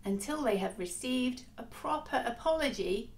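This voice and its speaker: A woman giving a scripted educational narration, speaking clearly, instructively and a little wryly. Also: fairly high pitch, animated, moderate pace.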